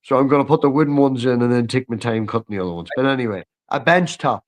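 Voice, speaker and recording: A man talks casually on a live stream about home and family life. His voice is mid-pitched and ordinary, and he stumbles over words when he gets going. He swears freely in easy conversation. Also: quick pace. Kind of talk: casual chat.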